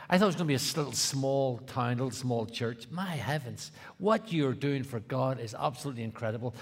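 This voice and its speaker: A man with an Irish accent preaching as a guest speaker, joking with the congregation and building to loud, stirring peaks. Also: medium pitch. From Ireland. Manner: joking, rousing preacher with big swings in loudness. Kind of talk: sermon.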